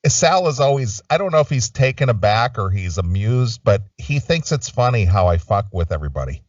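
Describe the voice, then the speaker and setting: Rambling low-voiced man. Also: very animated, fairly quick, a little mellow, no echo, distant mic, lo-fi sound. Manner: rambling storyteller, restarts, swears freely. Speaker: podcast co-host. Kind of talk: casual profane chat.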